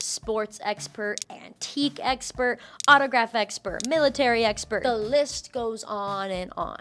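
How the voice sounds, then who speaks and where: A woman's voice: fairly high pitch, a bit bright, a little hiss or hum. A young woman giving a casual, scripted commentary as a YouTuber, sarcastic, with swearing and laughs between lines.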